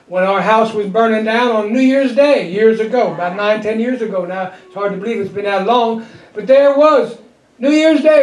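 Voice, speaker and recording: A middle-aged man preaching a sermon as pastor, telling a folksy story with frequent chuckles and drawing amens from the congregation. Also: sits high. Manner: call-and-response with the congregation. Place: church. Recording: echoey church sanctuary.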